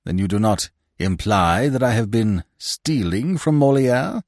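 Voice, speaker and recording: A man's voice: on the low side, lively intonation, measured pace, a little mellow, dry recording, studio quality, voice pushed up. A man voicing a pompous, portly male troupe leader who blusters and takes offence. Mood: indignant. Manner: blustering, indignant. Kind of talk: audiobook character voice.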